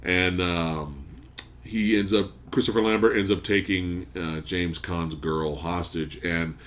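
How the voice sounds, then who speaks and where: A man hosting a podcast, casually recapping a movie plot as an animated storyteller who swears freely. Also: low-pitched, slow. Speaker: podcast host. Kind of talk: casual movie review chat. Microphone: studio podcast mic.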